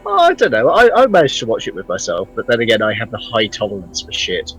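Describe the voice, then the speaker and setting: A man's voice: on the low side, wildly swooping pitch, fast, a bit bright, rough recording. A man co-hosting a game stream, teasing and joking, laughing easily. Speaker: stream co-host. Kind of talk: casual banter on a game stream. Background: game music.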